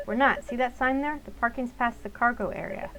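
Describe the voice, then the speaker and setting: A woman voicing a sharp-tongued, exasperated teenage girl who lectures her parents. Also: fairly high pitch, a little fast, rough recording. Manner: impatient, lecturing.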